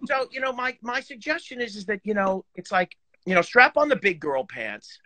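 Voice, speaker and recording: A man on a video call chatting casually, animated and swearing, with lots of fillers. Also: high voice, normal speed, no room sound. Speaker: guest horn player.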